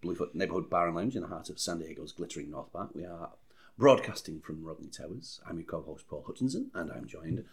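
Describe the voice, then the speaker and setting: A man's voice: low-pitched, a little fast, creaky, slightly rough. A man co-hosting a podcast in a bar, chatting casually and hesitantly with many fillers and restarts. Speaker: podcast co-host. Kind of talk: casual chat. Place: bar in San Diego.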